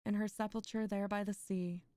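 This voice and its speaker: A woman's voice: mid-range voice, flat delivery, moderate pace, mellow, no echo. A young woman streaming a poetry reading, reciting poems aloud and breaking off into chatty asides with frequent laughs.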